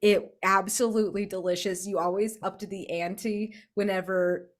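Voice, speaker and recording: A woman gushing in casual chat after a tabletop game session, excitable and swearing freely. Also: medium pitch, moderate pace.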